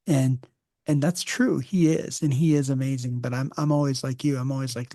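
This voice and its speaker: A man hosting a podcast, speaking in a gravelly, warm, mellow tone. He tells easygoing stories and slips in jokes. The sound is close and dry, with no room echo. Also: medium pitch, a little fast. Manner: relaxed storyteller who jokes. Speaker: podcast host. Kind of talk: casual conversational interview.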